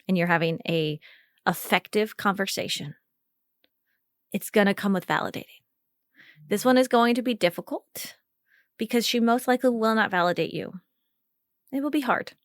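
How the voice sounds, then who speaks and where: A woman's voice: medium pitch, lively intonation, moderate pace, pauses often, dry recording. Woman coach on a podcast call, chatty and upbeat, laughs a lot, dry close sound. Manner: chatty, encouraging, laughs often. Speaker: podcast host and communication coach.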